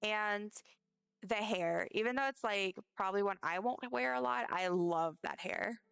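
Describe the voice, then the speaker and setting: A woman's voice: medium pitch, a little slow, gravelly, fairly bright tone, clear, resonant tone, no room sound. A young woman streaming a game, chatting to her viewers in a rambling, friendly way as she plays. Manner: rambling, chatty, talks straight to her chat. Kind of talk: casual live-stream chat while playing.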